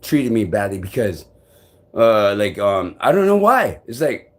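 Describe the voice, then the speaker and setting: Guy rambling on his live stream, cursing a lot, loud one sec then muttering low. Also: very animated, unhurried. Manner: restless and agitated, swings between loud outbursts and low mutters; swears often.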